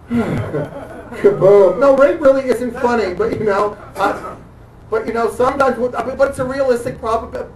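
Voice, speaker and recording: A man doing dark stand-up comedy on a club stage, halting and hesitant, full of fillers and restarts, chuckling at his own jokes. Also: very high voice, fairly even intonation, crowd noise. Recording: echoey room, distant mic, audience noise.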